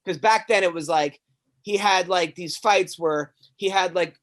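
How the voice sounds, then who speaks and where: A stand-up comic hosting a podcast, a man with a high voice, rattles through a wild story with lots of swearing. He keeps tripping over his words and starting over, animated the whole way through. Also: measured pace. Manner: animated, profane, stammering restarts. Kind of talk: casual chat, rambling storytelling.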